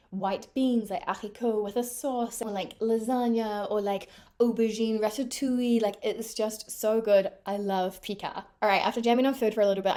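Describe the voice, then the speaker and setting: Kiwi girl vlogging, chatty and animated, says like a lot, mid pitch. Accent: New Zealand. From New Zealand. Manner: chatty and animated, many "like" fillers. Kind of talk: casual chat to camera.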